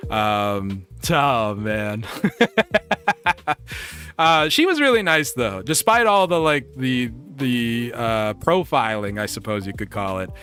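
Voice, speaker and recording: A man streamer telling a story casually and reading chat, animated and laughing often. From United States. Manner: animated, laughs often, jumps up in pitch for quoted bits.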